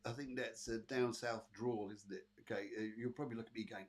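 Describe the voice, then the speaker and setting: A British man hosts a live online psychic show, chatting easily with his viewers and calling them by name. His voice is a little husky. He rambles warmly through the readings with plenty of fillers and restarts. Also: mid-range voice, steady tone, fairly quick. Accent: British English. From Britain. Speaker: psychic medium and show host.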